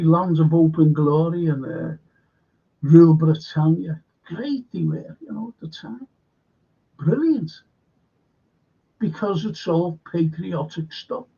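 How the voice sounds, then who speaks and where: Man, slow gravelly talker, halting, sarcastic rant, lo-fi sound. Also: fairly high pitch, mellow. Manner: halting, repeats words, sarcastic. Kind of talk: rambling opinionated monologue.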